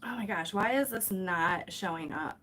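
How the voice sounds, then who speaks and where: A woman's voice: fairly low pitch, normal speed, pushed and bright. A young woman hosting a casual live stream from home, greeting viewers by name and apologizing often, picked up by a camera set some distance away.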